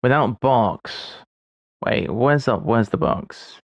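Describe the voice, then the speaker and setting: A man's voice: mid-range voice, expressive, takes it slowly, gravelly, no room sound. A man in his forties streaming live, muttering half-finished thoughts and chuckling at his own mistakes as he works through puzzles. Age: 40s. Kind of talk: thinking aloud while solving puzzles on a live stream.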